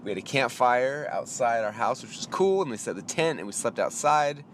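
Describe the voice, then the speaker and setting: A man's voice: mid-range voice, animated, slight background noise. A man hosting a podcast, telling a story in a casual ranting monologue and acting out both sides of the conversation. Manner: gets heated and fast when exasperated. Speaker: podcast host. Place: inside a car.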